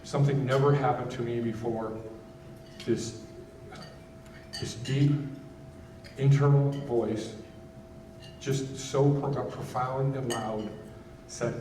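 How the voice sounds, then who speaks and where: A man giving a candid personal testimony as a keynote speaker at a gala, halting often and restarting his sentences. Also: medium pitch, steady tone, reverberant, recorded from a distance, noisy background. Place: gala event hall.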